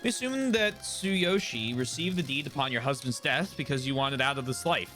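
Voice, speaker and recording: A man's voice: mid-range voice, expressive, normal speed, pushed and bright, soft background music. A man voicing a loyal young gang lieutenant in an earnest, determined manner, reading game dialogue.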